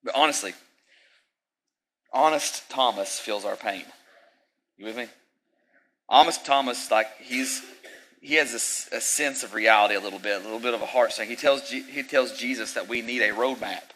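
Forceful, emphatic male preacher. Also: medium pitch, moderate pace, long pauses, poor audio. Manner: emphatic, repetitive, preaching with rising bursts; conversational asides. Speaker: pastor. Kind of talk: sermon.

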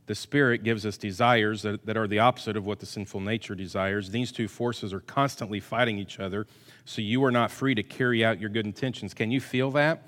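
A male pastor delivering a sermon, swinging between loud emphatic bursts and quiet asides, with self-deprecating humor. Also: on the low side, steady tone, a little fast. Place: church hall with long reverb. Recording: hall reverb.

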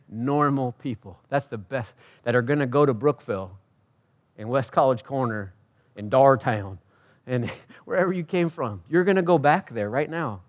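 A pastor delivering a sermon, rising to loud emphatic peaks and dropping to quiet, personal asides, talking conversationally and asking the congregation questions. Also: male voice. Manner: swings from loud preaching peaks to quiet intimate lows; conversational, self-correcting, asks the crowd.

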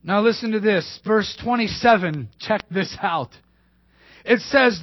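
A male pastor preaching a sermon emphatically, repeating key phrases and dropping to hushed asides. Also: high voice, animated, measured pace, no echo. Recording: dull dry lo-fi sermon recording.

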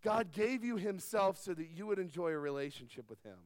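A middle-aged man preaching a sermon, stressing key words loudly and dropping to quiet asides. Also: high voice, animated, a little fast, no echo. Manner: emphatic preaching that swings between loud stresses and soft asides. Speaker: pastor.

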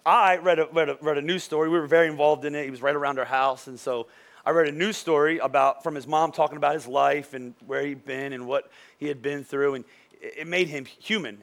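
A pastor in his thirties delivers a sermon with lively, storytelling energy, checking in with his listeners again and again. His voice sits high for a man and carries a gravelly edge. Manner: animated storytelling, frequent "right?" asides.

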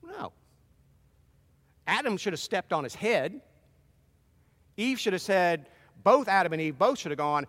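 A middle-aged man preaching a sermon, earnest and animated, with self-deprecating asides. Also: high-pitched, unhurried, long pauses. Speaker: pastor. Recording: long hall reverb.

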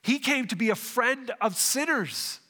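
A man's voice: very high-pitched, animated, unhurried, bright, forceful tone, long reverb tail. A man preaching a sermon, working through a passage verse by verse, often restarting phrases and asking the congregation questions. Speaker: pastor.

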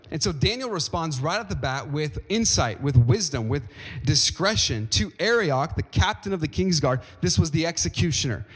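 A man preaching in a church with a slightly high voice that rings out across a big reverberant hall. He delivers his sermon emphatically and keeps turning to the congregation with questions and calls to respond. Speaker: pastor. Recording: long reverb of a large hall.

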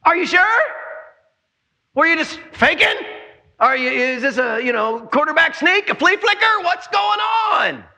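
A male preacher voicing John as a bewildered, impatient man in prison, loud and incredulous. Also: extremely high pitch, sing-song, measured pace, pitched above the performer's own voice, heavily acted.

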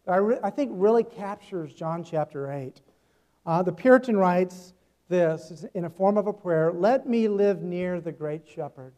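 Man, pastor, sermon, high voice, mellow tone, earnest, emphatic then hushed.

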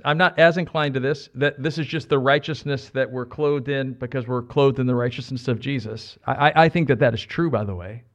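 American man preaching an animated sermon. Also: mid-range voice. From United States. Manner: animated, jokes with the congregation, repeats phrases for emphasis. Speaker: pastor.

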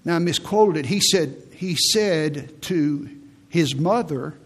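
Husky-voiced man preaching with emphasis. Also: fairly high pitch, slow. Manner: emphatic, repeats phrases for stress. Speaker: pastor. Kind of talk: sermon.

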